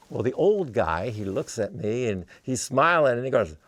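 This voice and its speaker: A man who is a guest musician, telling stories in an interview in an animated way. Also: mid-range voice, normal speed, few pauses, over music. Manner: animated, acts out voices in his stories. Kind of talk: storytelling in an interview.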